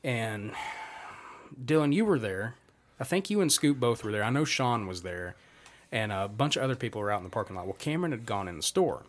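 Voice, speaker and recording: A man's voice: medium pitch, animated, fairly quick, slight background noise. A young man telling a long, rambling, profanity-laced story to friends on a casual podcast. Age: young adult. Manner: profane, rambling anecdote with quoted dialogue. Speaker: podcast host.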